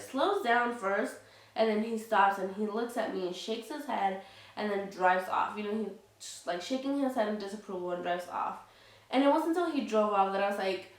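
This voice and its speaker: An outspoken woman talks straight to her viewers in a loose, unscripted vlog, blunt and fired up, with the odd curse. Her voice sits at an ordinary middle pitch. It sounds roomy, as if she sits back from the mic. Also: recorded from a distance. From Latina heritage. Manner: frank and heated, swears freely, many fillers like "you know". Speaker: vlogger. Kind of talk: casual candid vlog talk.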